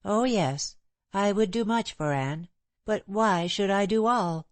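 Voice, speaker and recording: A woman's voice: medium pitch, takes it slowly, dry recording, pitched above the performer's own voice, close to an everyday voice. A woman reading the part of a bold, scornful, free-spirited young woman in an audiobook, impetuous and proud. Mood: defiant.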